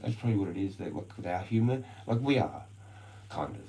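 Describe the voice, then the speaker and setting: A man's voice: low-pitched, animated, fairly quick, vocal fry, dark tone, poor audio. Profane, rambling Australian man. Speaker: live streamer. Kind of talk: casual live-stream rant.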